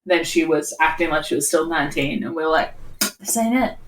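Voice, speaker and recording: A woman's voice: low voice, level tone, fast talker, slight background noise. A woman who plays in a tabletop game, giving the stream intro in a dry, wry, organized way. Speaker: player and stream intro host. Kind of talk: casual chat and show intro.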